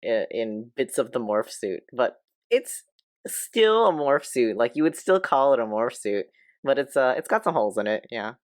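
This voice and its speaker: A woman narrates the tabletop game in a strikingly deep voice that swoops up and down. She breaks into giggles as she describes things. The sound is close and dry, with no room around her. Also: very animated, normal speed, darkish tone, no room sound. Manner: giggly, laughs while describing. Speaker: game master.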